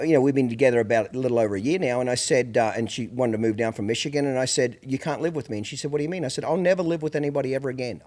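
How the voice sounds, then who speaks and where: A man's voice: mid-range voice, a little mellow. A middle-aged man hosting a podcast, telling blunt, profane stories in casual chat. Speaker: podcast host.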